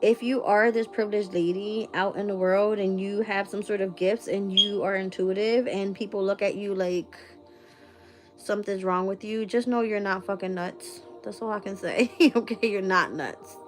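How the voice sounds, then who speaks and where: A woman who hosts a tarot channel chats casually on a live stream, blunt and profane and laughing often. Her mid-range voice keeps a fairly even intonation at normal speed, with faint music in the background.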